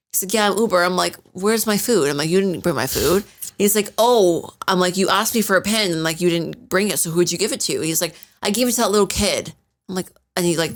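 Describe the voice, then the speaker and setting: A young woman co-hosting a podcast, telling stories animatedly and acting out the dialogue. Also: lowish voice. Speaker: podcast co-host. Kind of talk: casual storytelling chat.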